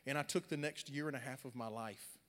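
A young adult man preaching a sermon, swinging from loud, animated storytelling to quiet, earnest talk. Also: mid-range voice, a little fast. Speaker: pastor. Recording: long hall reverb.

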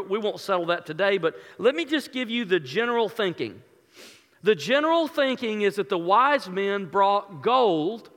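Homme pasteur, voix aiguë, grande salle réverbérante. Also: male voice, high voice, a bit bright, in a large hall. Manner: earnest, emotional storytelling with many restarts. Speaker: pastor. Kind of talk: sermon storytelling.

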